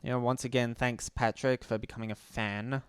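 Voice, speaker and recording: A man with a smooth, clear, mid-pitched voice talks through a casual livestream. He is blunt and sardonic, swears without a second thought, and stops to restart his sentences as he goes. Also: flat delivery, no room sound. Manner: halting, with frequent restarts. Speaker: livestream host.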